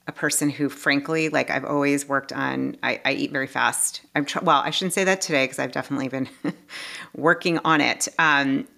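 Woman, deep voice, life coach guest, heartfelt, animated, self-interrupting. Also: moderate pace, creaky. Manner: animated, with many restarts and asides; earnest and heartfelt. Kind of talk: casual podcast conversation.

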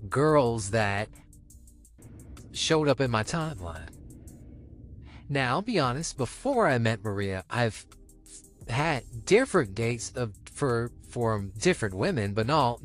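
A young man chats openly on a podcast about his own dating life, his pitch rising and dipping freely. Faint music sits under his voice. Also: measured pace, pauses often. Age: young adult. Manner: frank, personal, lively ups and downs in pitch. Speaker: podcast co-host. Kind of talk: casual podcast chat.

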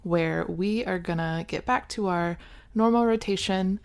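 A woman hosting a podcast, cheerfully wrapping up the episode in a measured way. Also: medium pitch, clear, resonant tone. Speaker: podcast host. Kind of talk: podcast outro.

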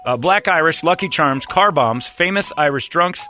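Brash man hosting a radio quiz, bright voice, slightly high, faint music under it. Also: animated. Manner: brash, joking, quick. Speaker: radio show host running a quiz game.

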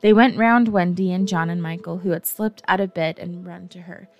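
A woman narrating a classic children's story gently, with a wry touch. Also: lowish voice, fairly even intonation, normal speed, muffled recording, soft background music. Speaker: audiobook narrator.

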